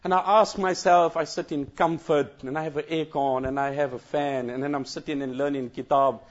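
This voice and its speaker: Earnest male cleric, high-pitched voice, dull lo-fi sound, recounting an emotional scene. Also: steady tone, brisk. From South Africa. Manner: earnest, repeats phrases, breaks into chanted Quran recitation. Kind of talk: emotional first-hand recounting talk.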